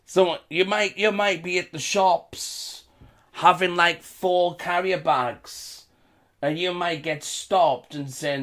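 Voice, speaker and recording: Slow, rambling British man vlogging. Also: high voice, fairly even intonation, fairly bright tone. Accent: British English. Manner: rambling, repetitive, chuckles between remarks. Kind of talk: casual commentary vlog.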